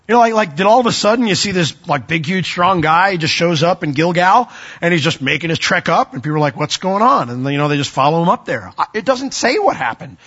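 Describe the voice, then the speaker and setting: A man preaching a sermon as pastor, animated, his voice rising for emphasis and dropping to a hush. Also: a little high, slightly rough, lo-fi sound.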